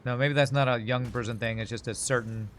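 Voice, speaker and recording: A man's voice: medium pitch, steady tone, a little fast, fairly bright tone, a little hiss or hum. Man thinking aloud on a game stream. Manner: rambling, thinks aloud, self-mocking. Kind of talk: casual live-stream commentary while playing.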